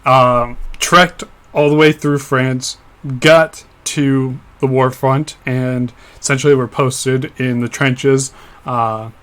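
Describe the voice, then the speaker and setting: A man's voice: mid-range voice, fairly even intonation, slow pace, a bit bright. A young man co-hosting a casual history podcast, explaining events at length with frequent fillers and restarts. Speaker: podcast co-host.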